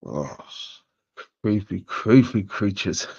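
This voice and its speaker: Slow-drawling man with a swinging pitch, reacting. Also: very animated, vocal fry, darkish tone, slightly rough, dry recording, lo-fi sound. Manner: profane, laughing, slow drawling remarks. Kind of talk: casual reaction commentary.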